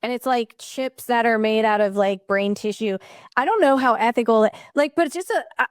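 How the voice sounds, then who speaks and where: Excited rambling woman, smooth voice. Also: fairly high pitch, normal speed, no echo, clean studio sound. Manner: excited, rambling, many fillers. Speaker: podcast guest. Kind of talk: casual chat.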